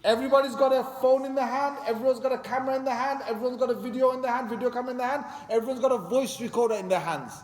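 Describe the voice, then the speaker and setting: Quick, high-voiced male preacher, emphatic, keeps questioning the crowd, long hall reverb. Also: darkish tone. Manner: emphatic, quizzes the audience with repeated questions. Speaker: religious teacher. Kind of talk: sermon to a congregation. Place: mosque hall.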